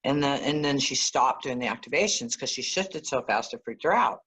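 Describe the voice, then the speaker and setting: A woman guest, an energy healer, telling stories in a conversational interview, animated and often laughing. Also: extremely low pitch, moderate pace, husky. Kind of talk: conversational storytelling.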